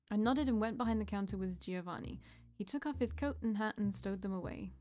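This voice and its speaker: A woman's voice: mid-range voice, fairly quick, warm tone, faint music behind. A woman reading a visual novel aloud as a let's play, breaking off to chat and joke about the old slang. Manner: reads lines then chats and jokes about the slang.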